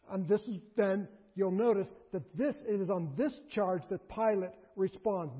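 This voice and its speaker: A man preaching a sermon in an animated way, surging to emphatic bursts and dropping low, recorded in a large hall. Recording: dull lo-fi recording in a reverberant hall.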